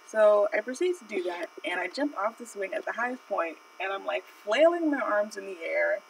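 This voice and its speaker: Chatty woman with a gravelly voice. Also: medium pitch, animated, normal speed, far from the mic, slight background noise, low-quality recording. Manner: chatty, rambling, lots of "like" and "you know". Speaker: art streamer. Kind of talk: casual live-stream storytelling.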